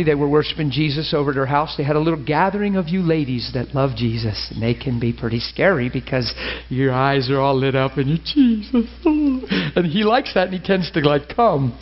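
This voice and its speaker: A man's voice: on the high side, creaky, lo-fi sound. A male preacher giving an emphatic, story-driven sermon. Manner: emphatic, storytelling, laughs often.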